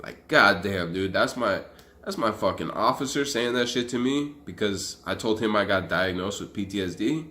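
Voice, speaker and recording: A man's voice: fairly low pitch, normal speed. A young man telling his story to camera in a casual, profane, rambling way. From Arizona. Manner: profane, animated, loose and rambling. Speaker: vlogger.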